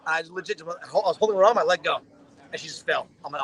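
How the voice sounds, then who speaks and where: A man with a bright, forceful voice, pitched a little high, tells a wild story in a loose, profane way. He co-hosts a casual podcast chat and acts out the lines of the people in his story. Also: fast. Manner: animated, profane storytelling with acted-out quotes. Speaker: podcast co-host.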